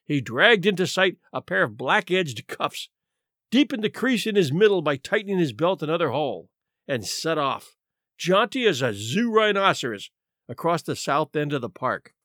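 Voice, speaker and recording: A man narrating a classic short story in a lively, theatrical way. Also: a little high, normal speed, dry recording, clean studio sound. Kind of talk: scripted narration.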